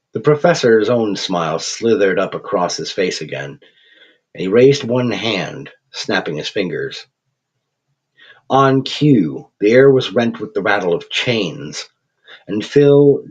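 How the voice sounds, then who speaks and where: A man's voice: low-pitched, slightly rough. A man giving scripted horror narration as a storyteller, dramatic and wry. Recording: dull lo-fi recording.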